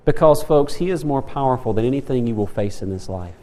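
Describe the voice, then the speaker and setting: Male Sunday school teacher, animated pitch swings, church hall reverb. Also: a little fast, few pauses. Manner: animated, asks the class questions, acts out quotes. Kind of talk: Bible lesson to a church class. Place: church room.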